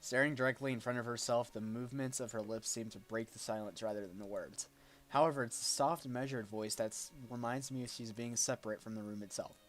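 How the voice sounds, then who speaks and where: A man's voice: mid-range voice, fairly even intonation, brisk. A man streaming a visual novel, reading its narration aloud with small slips and restarts. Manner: reads aloud with small slips, jokes with a friend.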